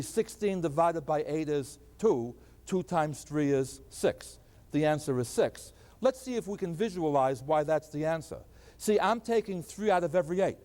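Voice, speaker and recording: High-voiced older man lecturing in a hall. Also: mellow. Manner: asks questions and answers them himself. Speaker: math lecturer. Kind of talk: chalkboard math lecture.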